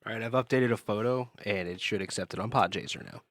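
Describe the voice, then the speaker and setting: A man co-hosting a podcast in casual banter, lively and quick to laugh. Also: fairly low pitch, dry recording, studio quality. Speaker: podcast co-host.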